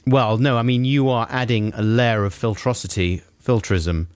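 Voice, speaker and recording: A man's voice: medium pitch, fairly even intonation, normal speed, clear, resonant tone, no room sound. A man co-hosting a radio show in casual, playful, teasing banter. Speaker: radio co-host. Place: radio studio.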